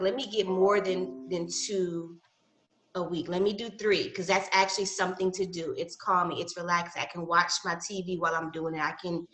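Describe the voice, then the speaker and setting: A woman's voice: medium pitch, a bit bright. A woman chatting casually in a group conversation, rambling with many fillers as she talks over a video call. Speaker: mom and educator in panel talk. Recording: roomy echo.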